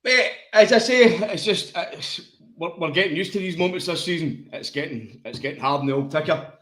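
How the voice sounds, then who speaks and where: A man's voice: fairly high pitch, normal speed, a bit bright. A Scottish man co-hosting a casual football podcast, full of laughter and sweary banter. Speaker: podcast co-host. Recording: echoey room.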